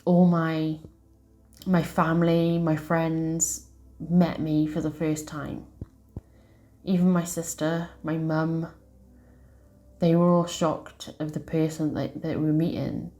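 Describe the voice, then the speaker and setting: A woman, a tarot reader hosting her channel, telling a personal story to camera in a soft, slow, heartfelt way. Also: low-pitched, little pitch movement.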